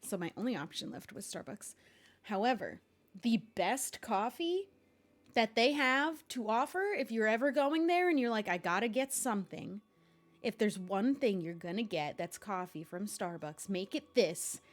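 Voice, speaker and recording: A woman's voice: mid-range voice, animated, moderate pace. A young adult woman streaming live, chatting casually and rambling, laughing often between complaints.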